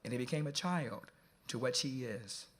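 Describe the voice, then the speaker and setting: A man moderating a live event, telling an animated, jokey story to the audience that turns quiet and earnest. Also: medium pitch, normal speed.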